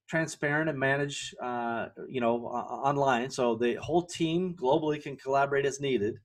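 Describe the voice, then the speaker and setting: A middle-aged man hosting a podcast and giving a solo business lesson in a conversational way, often checking in with the listener. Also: medium pitch. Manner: conversational, keeps asking "right?" to the listener; self-correcting, with fillers and restarts. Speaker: podcast host.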